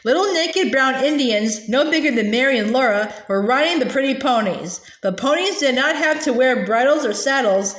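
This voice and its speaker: A woman reading a children's novel aloud gently, with small restarts now and then. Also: high voice, expressive, moderate pace, hardly any pauses, echoey room. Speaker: storybook reader.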